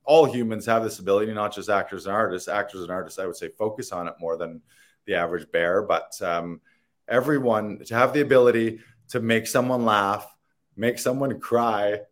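Male actor, interview guest; rambling, earnest, playful, fairly low voice. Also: normal speed. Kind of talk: casual conversational interview.

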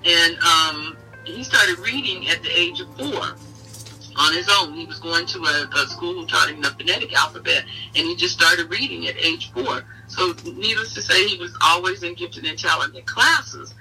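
A middle-aged woman, interviewed as a mother, telling fond family memories in an animated way and laughing often. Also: lowish voice, normal speed, soft background music. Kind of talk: casual storytelling in an interview. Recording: voice heard from a distance.

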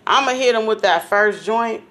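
A radio show host talking excitedly and hyped up with a guest artist and the listeners. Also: mid-range voice, normal speed, slight background noise. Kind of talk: casual radio interview.

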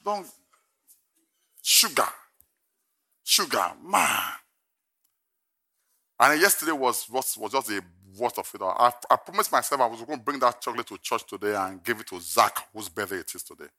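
Gravelly, bright-voiced older male preacher. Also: mid-range voice, animated, moderate pace, pauses often. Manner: humorous storytelling that builds to emphatic preaching. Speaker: pastor. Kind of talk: sermon.

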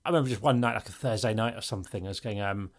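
Man telling a halting anecdote. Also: fairly low pitch. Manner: halting anecdote with fillers and repeats. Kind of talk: casual podcast chat.

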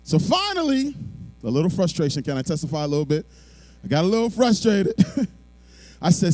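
High-voiced pastor guy preaching, real lively up and down, dry close sound. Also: a little fast, long pauses, no echo. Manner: animated preaching, swings from quiet storytelling to shouting. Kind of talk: sermon.

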